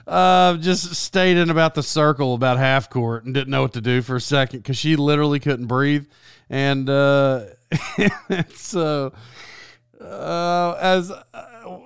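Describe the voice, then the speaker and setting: A man's voice: a little high, clear, resonant tone, no room sound, clean studio sound. A sports announcer telling a long rambling story in a casual, self-deprecating way, laughing as he goes.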